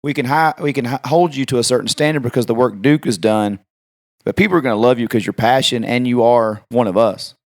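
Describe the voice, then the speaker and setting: A podcast host with a medium-pitched voice talks fast, chatting enthusiastically with his guest in a casual interview full of fan talk.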